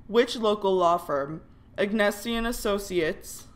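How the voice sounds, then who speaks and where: A woman's voice: medium pitch, slow pace, very noisy. A young woman giving let's play commentary on a life simulation game, giggling often and reacting dramatically to each event. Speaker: gaming YouTuber.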